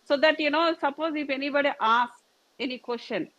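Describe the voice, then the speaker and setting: A woman's voice: high voice, a little fast, fairly bright tone, no echo. A woman teaching a yoga and meditation class, patient and repetitive as she shows each posture. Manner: patient, repetitive, demonstrating with gestures. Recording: dull lo-fi dry recording.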